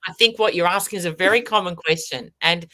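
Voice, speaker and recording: A woman's voice: lowish voice, quick pace, pushed and bright. A woman, a guest medium talking in a chatty, storytelling way. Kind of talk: casual chat.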